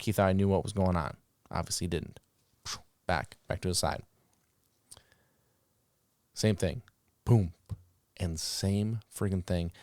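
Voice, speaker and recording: A man with a low-pitched voice hosts a podcast, casually recounting dog-training stories and animatedly acting out the commands he gave and the reactions. The recording is studio quality with no echo.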